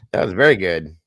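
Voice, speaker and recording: A man's voice: low-pitched, a bit bright, no room sound, clean studio sound. A man hosting a casual livestream chat, goofy and corny, greeting viewers by name. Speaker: livestream host.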